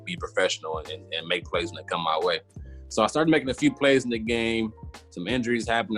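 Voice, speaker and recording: Animated storytelling man, low voice. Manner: animated storyteller, voices his own past reactions. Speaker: former football player, guest. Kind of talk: casual storytelling.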